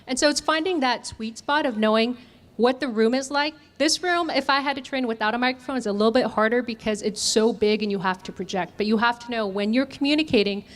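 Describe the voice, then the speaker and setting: Woman trainer running a workshop, kinda high voice, asks the room lots of questions. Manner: lively, asks the audience questions, demonstrates voice techniques. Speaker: communication trainer. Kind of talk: interactive workshop teaching.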